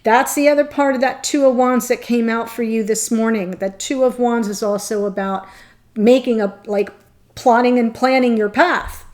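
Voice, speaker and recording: A woman with a voice a little on the high side, giving a tarot reading in a monologue. She talks straight to her viewers, earnest and thinking aloud, with pauses between short phrases. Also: fairly even intonation, darkish tone. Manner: addresses viewers directly. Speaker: tarot reader.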